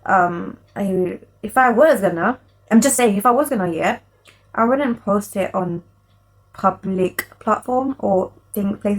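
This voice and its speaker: A woman's voice: mid-range voice, poor audio. A young woman chats straight to her viewers, giggly and chatty. She keeps apologising as she goes, sounding casual and unscripted. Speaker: vlogger. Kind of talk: casual chat to camera, reading messages aloud.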